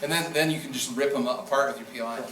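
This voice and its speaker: Speaking rapid-fire at a medium pitch, a man delivers a casual classroom lecture on debating, joking and acting out the speakers he quotes. The recording picks him up from far off in an echoey room with a noisy background.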